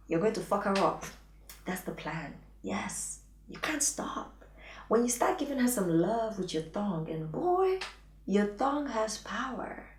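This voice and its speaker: Woman, intimacy coach; blunt and teasing, slips into whispers, mid pitch, roomy distant sound. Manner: frank and playful, often drops to a whisper. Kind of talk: advice vlog talking to camera. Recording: echoey room, voice distant from mic.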